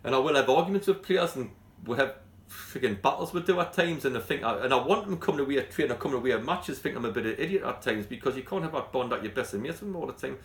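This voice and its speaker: A man's voice: mid-range voice, animated, rapid-fire, reverberant. A man with a Geordie accent, a football club manager giving a blunt, passionate interview, talking in bursts with many restarts. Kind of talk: post-training interview.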